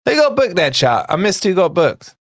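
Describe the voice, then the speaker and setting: A man with a high voice calls a football match live for a fan channel, talking straight to his chat. He swings between steady play-by-play and sudden excited shouts whenever a chance comes. His voice sounds close and dry, with no room around it. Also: moderate pace, no room sound. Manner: excitable, bursts into shouts at chances then calms; chatty asides to viewers in the chat. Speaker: fan channel watch-along host. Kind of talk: live match watch-along commentary.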